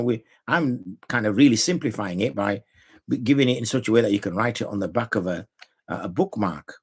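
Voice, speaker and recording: A man's voice: mid-range voice, creaky, slightly rough. A middle-aged man with a British accent teaching Islamic law in a conversational, explanatory way, mixing in Arabic terms, speaking from his study. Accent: British English. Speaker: Islamic scholar teaching jurisprudence. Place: home study with a library.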